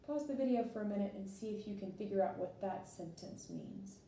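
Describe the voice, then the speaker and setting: A woman's voice: mid-range voice, animated, a little fast, mellow. Woman teaching in an echoey room. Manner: patient, explains step by step with fillers. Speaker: French teacher. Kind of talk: recorded classroom lesson. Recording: echoey room, distant mic, faint noise.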